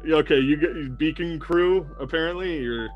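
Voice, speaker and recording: A man's voice: on the high side, normal speed, dull audio, soft background music, voice pushed up, lightly acted. A man voicing a casual, matter-of-fact male netrunner trainer in a tabletop game, close to his own everyday voice. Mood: offhand instructive.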